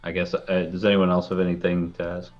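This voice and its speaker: Man, very deep voice, polite, hesitant, fills pauses with uh, dull lo-fi audio. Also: completely flat delivery, soft background music. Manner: polite, hesitant, fond of filler words. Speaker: player.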